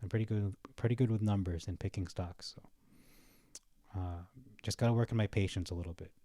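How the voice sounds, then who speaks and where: A man's voice: low voice, steady tone, normal speed, warm tone, no room sound, studio quality. A young man giving casual, rambling commentary on his vlog while browsing, chatty and often laughing at his own jokes. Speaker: stock market vlogger.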